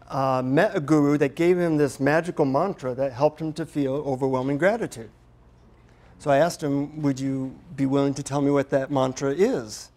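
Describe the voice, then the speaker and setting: A man's voice: a little high, a little mellow. A man giving a talk to a live group as a workshop speaker, telling stories in a humorous, chatty way with plenty of fillers.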